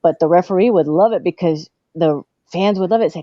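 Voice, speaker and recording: Woman guest, chatty storyteller, low voice, slightly dull close recording. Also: fairly quick, few pauses, dark tone, no room sound. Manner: acts out childhood dialogue in a higher voice, laughs often. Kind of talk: casual storytelling.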